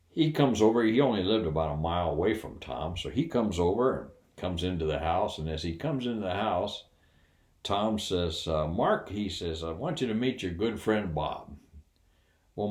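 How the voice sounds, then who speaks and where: An older man with a lowish, darkish voice tells a funny personal story in a casual, folksy way, laughing as he goes and acting out other people's voices. The sound is roomy.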